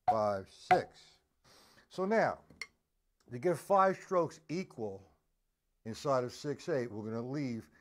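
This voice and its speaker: A man teaching a drum lesson on a live stream, patiently explaining rudiments and counting the beats aloud. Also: mid-range voice.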